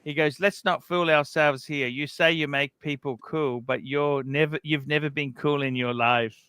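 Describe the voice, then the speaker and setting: Man, livestream host, animated retelling, bright tense voice, smooth, dry. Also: a little high, normal speed, no room sound. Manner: animated retelling of a feud, repetitive. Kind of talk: casual livestream chat.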